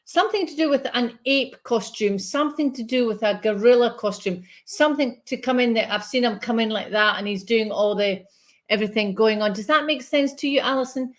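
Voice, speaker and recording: A woman's voice: a little high, fairly quick. Woman, spiritual medium, soothing live reading, reassuring check-ins.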